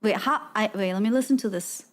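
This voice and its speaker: A woman's voice: medium pitch, quick pace, slight background noise. A woman streamer chatting casually with her audience in a playful, giggly way and trying out words aloud. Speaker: streamer host. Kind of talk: casual live-stream chat.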